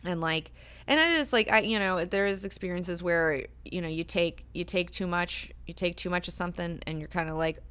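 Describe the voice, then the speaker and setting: A woman's voice: lowish voice, moderate pace, fairly bright tone, clean tone. A woman hosting a book club, talking casually, swearing freely and acting out characters' lines as she goes.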